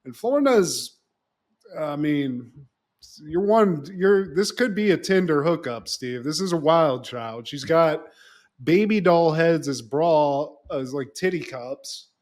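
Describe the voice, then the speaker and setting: A man co-hosting a podcast, telling a plot story in an animated, profane, casual way. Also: on the high side, slow. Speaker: podcast co-host. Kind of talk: casual podcast chat recapping a show.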